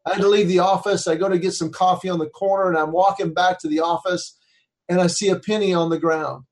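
A man with a slightly higher voice tells a heartfelt story. He is earnest and conversational and acts out the people he quotes. He grows quieter and softer in the emotional parts. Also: fairly even intonation, fast. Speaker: speaker. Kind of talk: storytelling talk.

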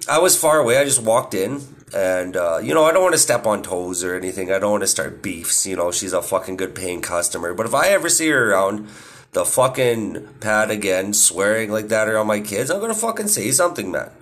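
His voice fairly low yet fairly bright, a man in his thirties hosts a podcast in a brisk, animated casual monologue, rambling, swearing nonstop and laughing at his own tales.

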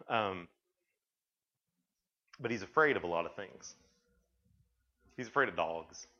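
A man's voice: low-pitched, lively intonation, takes it slowly, bright, forceful tone. Man preaching in a rambling way. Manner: rambling storytelling, frequent restarts. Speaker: youth camp speaker. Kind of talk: sermon. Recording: dull lo-fi recording.

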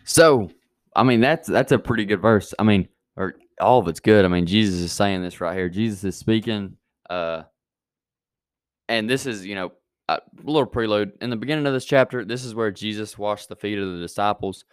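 A man's voice: on the low side, normal speed, clean tone, no room sound. Guy hosting a church youth podcast, rambles a lot, clean dry close mic. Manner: rambling, with many fillers and restarts. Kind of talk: casual chat and prayer.

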